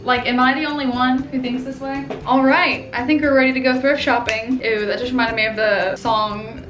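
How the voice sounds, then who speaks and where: A woman's voice: high voice, fairly even intonation, normal speed, a bit bright, faint music behind. A young woman chatting in a casual, bubbly vlog, full of fillers, filmed at home and out on the streets. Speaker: vlogger. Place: apartment, then city streets and shops. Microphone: handheld camera.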